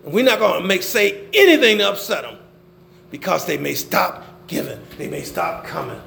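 An older man preaching a sermon, swinging between loud emphasis and low murmurs. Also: animated, moderate pace, gravelly, roomy sound, slight background noise. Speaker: pastor.

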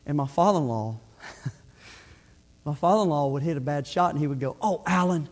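A man's voice: a little high, animated, moderate pace, a little mellow. A middle-aged male pastor preaching a sermon in an earnest, conversational way, often restarting his phrases.

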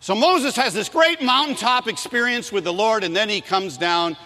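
A man preaching a sermon to young people, animated and telling stories that he acts out in loud voices. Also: sits high, moderate pace, big-room sound, soft background music.

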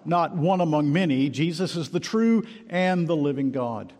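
A man preaching an expository sermon, emphatic and measured, slowing down to stress key words. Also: a little high, lively intonation, a little mellow. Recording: long hall reverb.

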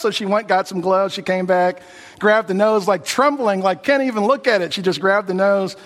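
A male pastor delivers a sermon in a relaxed, folksy storytelling manner, scattering fillers through his sentences. His voice sits somewhat high for a man, and it rings with the long reverb of a church sanctuary. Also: normal speed. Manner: folksy storytelling with many "you know" fillers.

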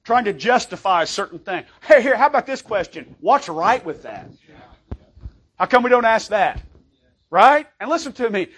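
A man with a high voice preaching a sermon from the pulpit. He talks emphatically and conversationally, pausing to ask for an amen. When he reads scripture, he slows right down. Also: big pitch swings, fairly bright tone, breathy edge. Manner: emphatic, calls for amens, reads scripture slowly. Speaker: pastor.

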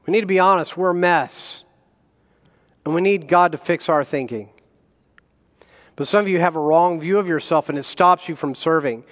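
Preaching man, slightly high voice, reverberant hall. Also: normal speed, pauses often. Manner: animated preaching with self-deprecating humor and chuckles. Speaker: guest pastor. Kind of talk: sermon. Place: church sanctuary.

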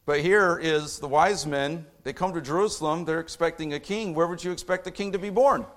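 A middle-aged man delivers a sermon with a somewhat raised pitch. He reads scripture low and measured, then climbs into impassioned, fired-up stretches before settling down again. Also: a bit bright. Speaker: preacher.

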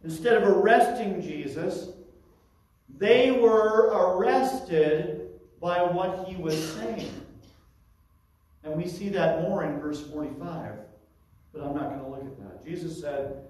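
A man's voice: on the high side, measured pace, a little mellow. Man, preacher, expository sermon, asides, distant mic, very echoey. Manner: teaching verse by verse with asides.

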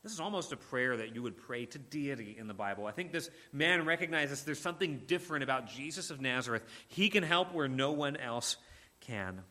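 A man's voice: medium pitch, animated, fairly quick, sharp tone. A man preaching a sermon, earnest and emphatic, often repeating words and restarting phrases.

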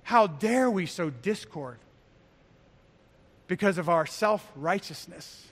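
A high-pitched man delivers a pastor's sermon with earnest, insistent repetition. His voice rings out with a long reverb trailing each phrase, as in a church sanctuary. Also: animated, takes it slowly. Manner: earnest preaching, rising to emphatic exhortation.

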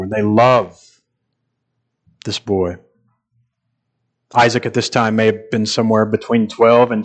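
An earnest male pastor delivers a sermon at a measured pace, letting pauses and repeated phrases carry weight. His voice sits at an ordinary middle pitch for a man and rises into emphatic passages when he presses a point.

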